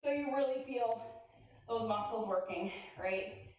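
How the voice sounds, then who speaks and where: Upbeat woman fitness coach, high voice, heard from a distance in an echoey room. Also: unhurried, darkish tone. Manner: upbeat, encouraging, chatty cues with laughs. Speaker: fitness instructor. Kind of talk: workout class coaching.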